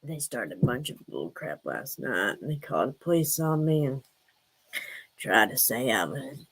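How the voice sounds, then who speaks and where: A woman playing a gruff, indignant woman with a drawl, her voice pushed far down by a pitch-lowering filter. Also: very animated, moderate pace, exaggerated voice. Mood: boastful. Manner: low drawling, defiant boasts. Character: gruff indignant Southern woman, suspicious and defiant.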